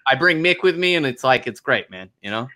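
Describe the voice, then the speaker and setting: A man hosting a relaxed interview chat. His voice is bright and forward, and he talks in a loose, easygoing way, laughing often and letting thoughts trail off. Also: medium pitch, brisk. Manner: laid-back, laughs easily, trails off. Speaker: host.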